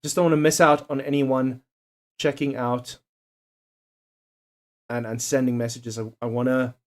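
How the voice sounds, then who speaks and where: Working through a quiz on stream, a young man talks to his chat in a level, unhurried, medium-pitched voice. He cracks jokes, laughs a lot, and swears without holding back.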